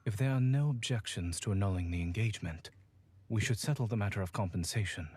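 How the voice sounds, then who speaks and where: A cool, reserved young nobleman from a romance game, talking in a measured put-on British accent. His voice sits very low and comes out deeply husky and breathy, every line stiff and proper. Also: a little mellow. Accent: British, put on by an American actor. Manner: stiff, formal, measured speech. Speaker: game character.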